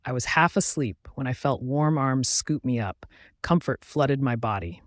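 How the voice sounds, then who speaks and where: A man narrating a first-person romance audiobook in a steady, even reading on a close microphone. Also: mid-range voice, normal speed, no echo.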